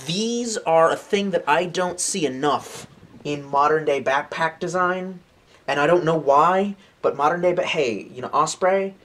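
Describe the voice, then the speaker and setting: A man's voice: on the high side, fairly bright tone, slight background noise. A man in his late twenties casually reviewing outdoor gear, rambling with jokes and offhand swearing. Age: late 20s.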